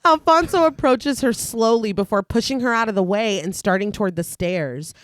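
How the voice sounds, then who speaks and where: On a clean studio recording with no room sound, a female podcast co-host narrates a film's plot in a long, animated read-through. Her pitch is medium and her pace moderate, and she mixes in casual chat and frequent laughter.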